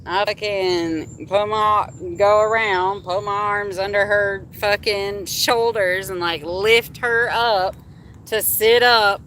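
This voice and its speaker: A woman's voice: mid-range voice, steady tone, slow, fairly bright tone, slight background noise. A young adult woman hosting a livestream, telling a candid personal story in casual, heavily profane talk. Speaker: livestream host.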